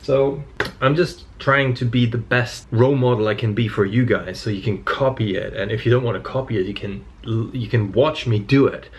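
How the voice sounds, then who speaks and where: A man's voice: medium pitch, normal speed. A man in his mid-thirties chatting loosely to camera in a fitness vlog, telling stories and swearing freely. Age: 30s. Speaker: fitness vlogger. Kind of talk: casual vlog chat.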